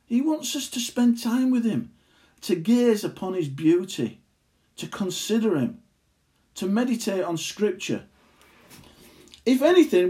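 Preaching with emphasis and sincerity, this man lets his pace drop whenever he hits an important phrase. His voice sits on the high side and has a slightly mellow quality.

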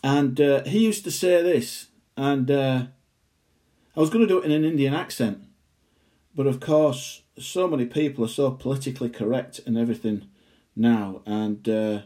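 A man preaching a sermon, earnest and emphatic, slowing down to stress key phrases. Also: mid-range voice, dark tone.

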